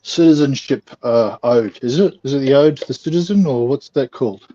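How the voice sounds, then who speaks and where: Mellow man on a dull lo-fi line. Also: medium pitch, brisk. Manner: laid-back, asks questions. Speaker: livestream guest. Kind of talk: casual livestream chat. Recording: dull lo-fi line with faint noise.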